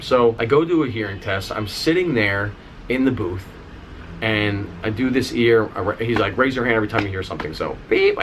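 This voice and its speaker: A man with a fairly low voice tells a personal story straight to camera, in a vlog. He sounds animated and candid, swears casually and talks to his viewers as "y'all". A faint room hum sits behind him. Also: brisk. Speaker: vlogger, singer and dancer.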